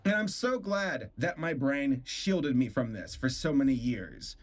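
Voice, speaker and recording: A man's voice: mid-range voice, expressive, a little slow. A man hosting a stream, reviewing a cartoon episode in casual, incredulous commentary, disgusted and laughing often.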